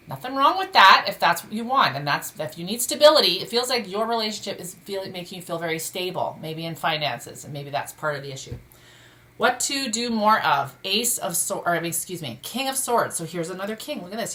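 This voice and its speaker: Chatty lady doing a tarot reading at home, bright crisp voice, kinda low, gets loud and surprised at the cards. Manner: expressive, exclaims at cards, chatty and blunt. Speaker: tarot reader. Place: home room during a move.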